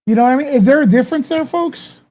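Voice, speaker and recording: A man's voice: very high voice, very fast, dark tone. A man hosting a live commentary stream, talking heatedly to his chat, swearing often and rambling through restarts.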